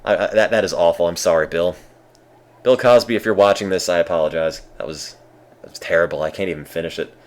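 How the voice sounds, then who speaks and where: A man streaming a game with casual, deadpan, self-mocking commentary. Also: sits low, quick pace.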